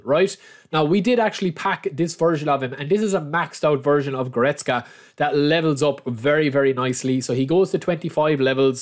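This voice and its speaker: A young man giving casual, chatty commentary on a football video game, often calling his viewers lads. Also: on the high side. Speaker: gaming channel host.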